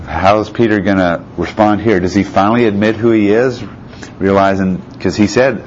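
A pastor with a fairly low, steady, slightly mellow voice preaches at normal speed, reading scripture passages aloud and putting rhetorical questions to his listeners. The recording is slightly muffled, with faint hiss in the background.

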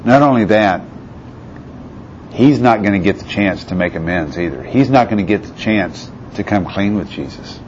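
A man with a deep, low voice delivers a sermon. He reads out scripture and keeps asking his listeners questions. The recording is a little muffled, with a faint hiss behind it. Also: expressive, moderate pace. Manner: asks the listeners rhetorical questions. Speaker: preacher.

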